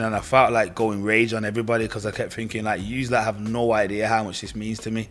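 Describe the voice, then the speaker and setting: A man's voice: lowish voice, level tone, fast, few pauses, fairly bright tone. A young man telling his own story in casual, slangy speech, acting out what others said to him. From Britain. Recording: faint music behind voice.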